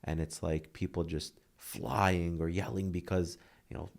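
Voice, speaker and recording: A man in his thirties talks about hard times in an earnest, heartfelt way. His voice is very deep with a gravelly fry, and it often softens nearly to a whisper. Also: flat delivery, unhurried. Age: 30s. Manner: earnest, heartfelt, drops to a near whisper at tender moments. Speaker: podcast guest. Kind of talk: emotional interview talk.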